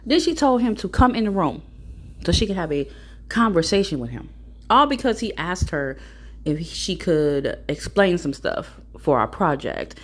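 A woman's voice: on the low side, big pitch swings, moderate pace, slightly rough. A woman in a casual storytelling monologue, giving blunt, profane, preachy advice to mothers.

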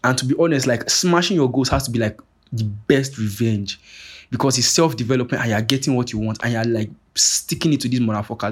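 A young man hosting a podcast, talking in a rambling, profane, animated monologue full of restarts. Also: mid-range voice, a little fast, breathy edge. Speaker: podcast host. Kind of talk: casual monologue rant.

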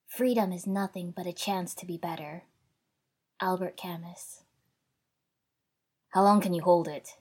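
A woman narrating a first-person fan fiction story in a wry, conversational way, raising her voice for shouted dialogue. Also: on the low side, slightly rough. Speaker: audiobook narrator.

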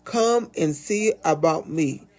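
Gravelly-voiced sassy man, casual and animated. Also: a little high, faint music behind. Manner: animated, swearing, sassy asides, drawn-out "baby". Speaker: puppeteer guest. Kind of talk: casual podcast chat.

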